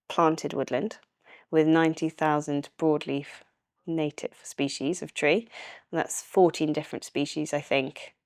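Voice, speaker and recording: Low, smooth Welsh woman. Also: dry recording, clean studio sound. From Wales. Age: young adult. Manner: chatty, laughs easily, relaxed and enthusiastic. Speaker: estate manager, guest. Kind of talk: casual interview chat.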